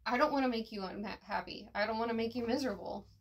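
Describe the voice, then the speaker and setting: Woman voicing an anxious, apologetic young fiancé, fairly high voice, casual read. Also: quick pace, a little hiss or hum, lightly acted. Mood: worried.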